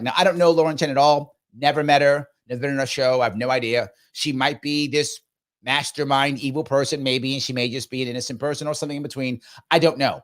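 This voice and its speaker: A man hosting a live commentary show, talking in an animated way and often asking rhetorical questions. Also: mid-range voice. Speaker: host.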